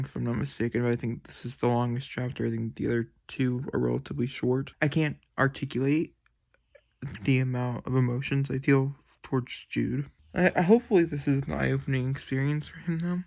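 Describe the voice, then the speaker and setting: A man's voice: mid-range voice, fairly even intonation, brisk, vocal fry, a little mellow. A young man rambling emotionally about a novel in a casual reading vlog from his bedroom at night, swearing freely. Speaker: book vlogger.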